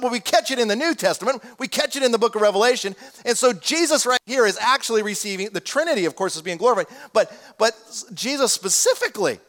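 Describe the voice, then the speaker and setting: High-voiced male preacher, conversational. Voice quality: damaged hearing, says so. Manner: conversational preaching, swells loud on quoted scripture. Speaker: pastor. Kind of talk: sermon.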